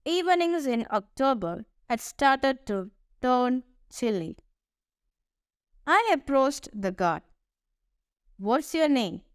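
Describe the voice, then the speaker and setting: A woman reading an audiobook aloud in measured first-person storytelling, close to the microphone. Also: sits high, sing-song, clear, resonant tone, no room sound. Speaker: audiobook narrator.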